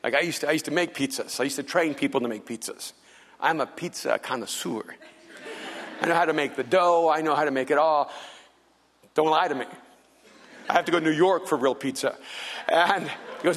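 A male pastor preaching in a large church, his voice slightly high and carrying a long hall reverb. He tells stories with lively energy, then turns quiet, slow and earnest when he appeals to listeners. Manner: animated storytelling, acts out quoted people in a higher voice. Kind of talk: sermon.

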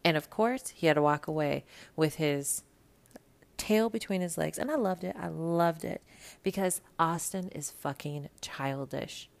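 Podcast host, woman, low and gravelly, blunt gossipy recap with plenty of swearing. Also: a little slow. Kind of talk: casual reality TV recap monologue.

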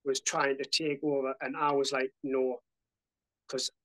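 A man's voice: medium pitch, little pitch movement, a little slow, bright, forceful tone, low-quality recording. A man, a podcast guest telling his story bluntly, swearing freely and fighting back emotion. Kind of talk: casual storytelling.

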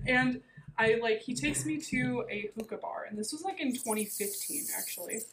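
A woman's voice: high-pitched, animated, unhurried, a little hiss or hum, low-quality recording. A woman in her twenties telling a dating story in casual chat, full of fillers and "like". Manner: chatty storytelling, many fillers and "like".

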